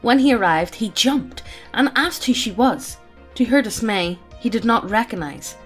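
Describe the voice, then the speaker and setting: Among friends, a woman with a fairly high, bright, animated voice reads a character backstory aloud at normal speed, frequently breaking into laughter amid the banter. Soft music plays in the background.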